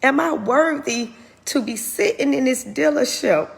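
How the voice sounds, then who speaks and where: A woman's voice: high-pitched, unhurried, vocal fry, long reverb tail. A woman hosting her own show, candidly telling a personal testimony in an earnest, open way. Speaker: host.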